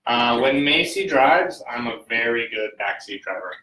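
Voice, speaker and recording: A man's voice: mid-range voice, animated, moderate pace, bright, forceful tone, distant mic. A man co-teaching an English lesson on a casual livestream, with a dry, teasing manner. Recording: roomy echo, off-mic.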